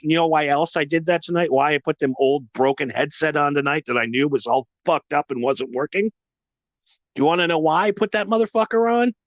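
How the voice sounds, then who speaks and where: A man's voice: fairly high pitch, fairly bright tone, no room sound, dull audio. A man hosting a podcast, ranting in a profane, emphatic, repetitive way. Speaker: podcast host.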